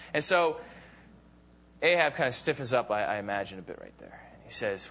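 A man's voice: mid-range voice, lively intonation, fairly quick, a bit bright. A man teaching a Bible class, casually retelling a story with fillers and acting out the quoted lines. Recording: dull lo-fi recording.

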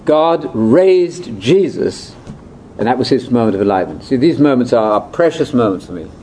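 A man's voice: mid-range voice, expressive, normal speed, dark tone, a little hiss or hum, low-quality recording. An older man giving a chatty, wry, ad-libbed lecture to a conference audience. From Britain. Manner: chatty, wry, with asides and laughs. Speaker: speaker at a religious conference.

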